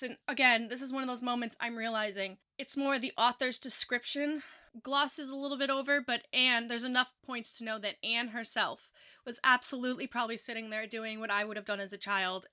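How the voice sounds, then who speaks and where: A woman's voice: fairly high pitch, sharp tone. Chatty woman musing over a book. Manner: chatty, musing, self-correcting. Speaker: book reviewer. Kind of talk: casual book commentary and reading.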